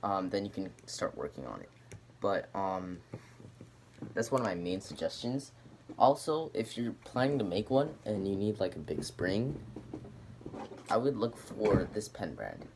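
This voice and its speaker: A man's voice: on the low side, big pitch swings, unhurried, darkish tone, slight background noise. A man casually showing off and explaining a homemade gadget, rambling with lots of filler words. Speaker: hobbyist demonstrating a homemade gadget. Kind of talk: casual show-and-tell video.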